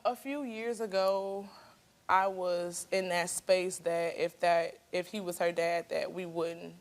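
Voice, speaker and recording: A woman's voice: on the low side, steady tone, slow pace. A woman in her thirties, a talk show guest, telling her story in a chatty, casual way and laughing easily. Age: 30s.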